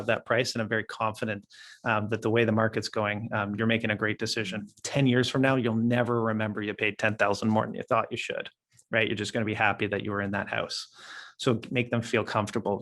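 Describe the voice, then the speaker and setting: A man's voice: medium pitch, a bit bright. A man leading a training session for new real estate agents, talking casually and acting out client conversations with plenty of fillers.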